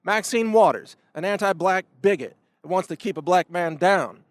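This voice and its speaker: A man delivering a political commentary monologue, ranting with sharp emphatic swings and frequent word repeats on restarts. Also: sits high, animated, moderate pace, no echo. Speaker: commentary show host.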